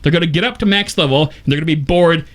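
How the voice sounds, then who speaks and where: A man's voice: a little high, very fast. A man co-hosting a gaming talk show, laying out an argument step by step. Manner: argumentative, lays out a case step by step. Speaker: co-host. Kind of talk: casual podcast talk.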